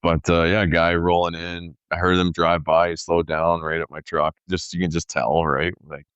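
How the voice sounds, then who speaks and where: A man in his thirties telling a story in casual podcast chat, animated and peppered with "dude" and "like". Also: low voice, normal speed, smooth, no room sound, muffled recording. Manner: animated storyteller, says "dude" and "like", acts out quoted voices. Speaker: podcast co-host.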